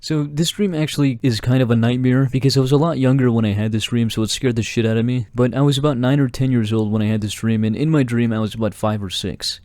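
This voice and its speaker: A man's voice: mid-range voice, dry recording. A young man casually telling a rambling story with lots of swearing. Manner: profane, rambling, animated when retelling. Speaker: YouTuber and streamer.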